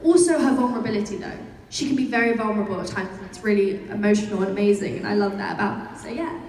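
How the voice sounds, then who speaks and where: A woman's voice: medium pitch, fast, a little mellow. Chatty young British woman, far-off hall. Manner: chatty, laughs often, many fillers. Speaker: convention panel guest. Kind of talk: answering fan questions. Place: large convention hall. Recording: echoey hall from far off, crowd noise.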